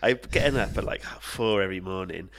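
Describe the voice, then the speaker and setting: A man's voice: low voice, a little fast, a bit bright, slight background noise. A man co-hosting a podcast, chatting casually with rambling, sweary anecdotes while tired and jet-lagged. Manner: rambling anecdotes, swears a lot, laughs often. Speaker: podcast co-host. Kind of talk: casual chat.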